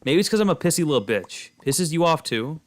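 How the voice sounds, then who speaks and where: A man's voice: a little high, very animated, fairly quick. A young man streaming a game and chatting casually with viewers, rambling with lots of fillers and restarts. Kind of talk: casual chat while gaming.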